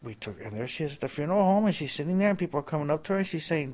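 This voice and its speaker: An older man telling an emotional story about caring for his mother, animated and acting out the voices he quotes. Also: a little high, very fast. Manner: animated, imitates voices when quoting.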